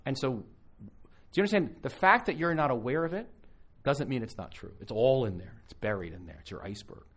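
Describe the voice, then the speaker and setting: Speaking a little fast in a mid-range voice, a pastor delivers a conversational sermon before a live conference audience. He spins stories animatedly, often starting over mid-thought.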